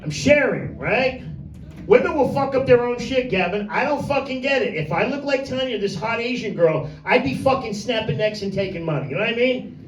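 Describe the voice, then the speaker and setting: Male stand-up with a high voice. Crude, rambling crowd-work in a roomy, distant recording. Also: lively intonation, a little fast, slight background noise. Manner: brash, vulgar, rambling with crowd asides. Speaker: stand-up comedian. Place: small comedy room with few people. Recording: echoey room, mic from a distance.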